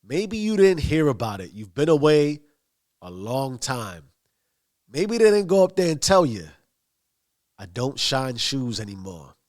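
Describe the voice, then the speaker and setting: A man's voice: mid-range voice, sing-song, measured pace, a little mellow. A man voicing a touchy, hot-tempered young male gangster. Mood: cold. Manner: cold, then explosive.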